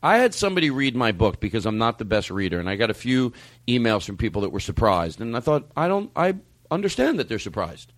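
A comedian and podcast host, a man of middling pitch, talks in a loose and rambling way, and his voice leaps up and down as he goes. The room is dry, with no echo around him. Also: sing-song. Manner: loose, rambling, quick swings up in pitch when riled. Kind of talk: casual chat.

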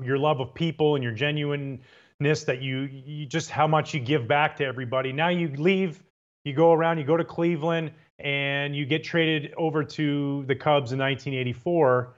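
Guy hosting a chill interview podcast, rambly and eager, bit higher voice, muffled audio. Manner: eager, repeats words, rambles through questions. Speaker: podcast host, former pitcher. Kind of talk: casual interview chat. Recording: dull lo-fi sound.

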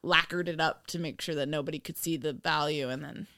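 A woman's voice: sits low, steady tone, a little fast, vocal fry, bright, forceful tone, dry recording, studio quality. Giggly woman podcast co-host. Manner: giggly, rambling with fillers. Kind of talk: casual chat.

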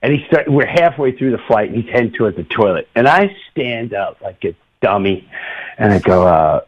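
Lively middle-aged male radio host. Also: on the low side, brisk, lo-fi sound. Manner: animated, laughs often, does voices in anecdotes. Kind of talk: casual storytelling.

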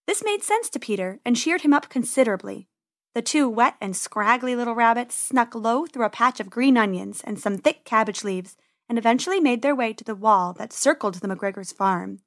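Gentle woman reading a storybook. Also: on the high side, normal speed. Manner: gentle, expressive read-aloud. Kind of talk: scripted storybook narration.

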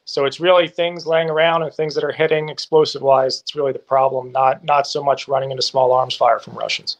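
A man's voice: mid-range voice, steady tone, brisk. A man answering interview questions from abroad, speaking in an assertive, analytical way. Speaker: guest reporting from a war zone. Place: remote from abroad.

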